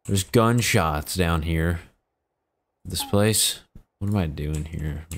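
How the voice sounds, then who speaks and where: A man's voice: low-pitched, takes it slowly. A man giving casual, joking gameplay commentary, talking back to the game's characters in mock exasperation. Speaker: gaming YouTuber.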